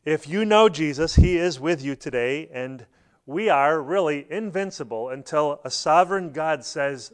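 A middle-aged man delivers a sermon to his church. His voice sits a little on the high side, and he tells his stories in an animated way, now and then breaking into loud, high bursts as he acts out a quote. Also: normal speed. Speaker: pastor.

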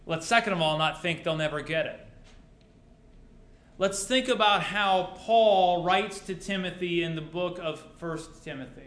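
A man's voice: high voice, measured pace, a bit bright. A male pastor preaching a sermon to his congregation, mixing rhetorical questions with dry humor. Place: church sanctuary. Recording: roomy church echo.

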